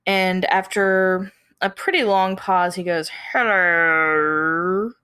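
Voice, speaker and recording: A woman co-hosting a casual podcast, slowly recapping a movie scene. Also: medium pitch, flat delivery, a bit bright, smooth, no echo, clean studio sound. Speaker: podcast co-host.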